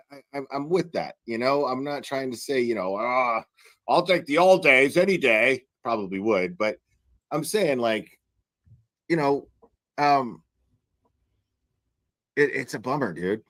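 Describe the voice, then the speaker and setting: A man ranting in a casual commentary, animated and incredulous, swearing often and laughing as he talks. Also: mid-range voice, no room sound. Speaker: online commentator.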